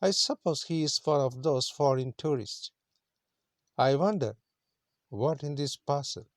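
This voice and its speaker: Man doing a calm post office assistant, reassuring, plain voice, mid pitch. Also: unhurried, dry recording, clean studio sound, lightly acted.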